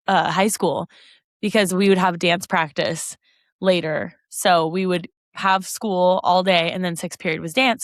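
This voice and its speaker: A woman's voice: fairly low pitch, dry recording, studio quality. A woman co-hosting a podcast, chatting casually in an easygoing, laughing way. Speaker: podcast co-host. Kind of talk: casual chat.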